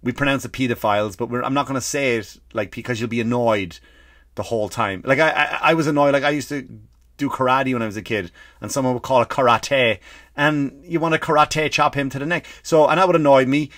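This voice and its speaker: An Irish man hosting a comedy podcast, ranting and swearing freely, breaking into loud acted-out bursts. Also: mid-range voice, quick pace, no echo, studio quality. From Ireland. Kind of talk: comedic rant.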